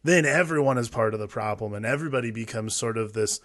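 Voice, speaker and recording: Male podcast co-host, bright voice, reflective, talks things through. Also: mid-range voice, fast talker. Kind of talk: casual film discussion.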